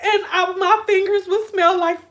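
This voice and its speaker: High-pitched woman vlogger, animated storytime, laughs a lot and does voices. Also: moderate pace. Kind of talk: casual storytime chat.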